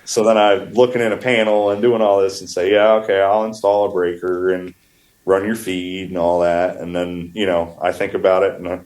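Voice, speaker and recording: A low-pitched man from upstate New York chats casually about job sites. He rambles, restarts his phrases and laughs often as he tells shop stories. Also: little pitch movement, moderate pace, a little mellow, low-quality recording. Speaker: wood flooring contractor guest. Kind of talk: casual podcast conversation.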